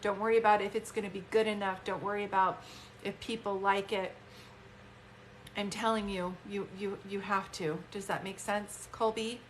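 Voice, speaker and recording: A woman's voice: mid-range voice, flat delivery, normal speed, a little hiss or hum. A woman, a psychic medium chatting heartfelt and casual on a phone live stream. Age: 50s. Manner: chatty, heartfelt, many fillers.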